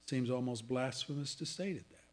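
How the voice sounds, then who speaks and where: A man preaching a sermon, swinging between loud dramatic scripture reading and hushed asides. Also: mid-range voice, brisk. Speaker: pastor. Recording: audio of a sermon.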